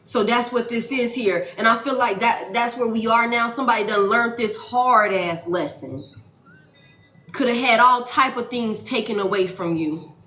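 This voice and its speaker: A woman giving a casual tarot reading, animated and profane, repeating lines for emphasis. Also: fairly high pitch, moderate pace. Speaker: tarot reader. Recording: echoey room, faint music behind.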